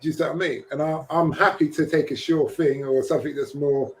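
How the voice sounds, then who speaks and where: A man's voice: on the high side, a little fast, hardly any pauses, poor audio. A man, talking animatedly and jokingly in a casual podcast discussion. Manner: animated, jokey, slips into quoted voices. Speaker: podcast co-host.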